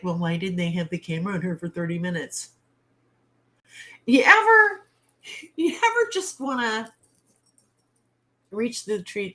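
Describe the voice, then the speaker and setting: A woman's voice: on the low side, fairly bright tone. A woman hosting a casual livestream from home, talking bluntly with exasperated, salty humor to her viewers. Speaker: livestream host.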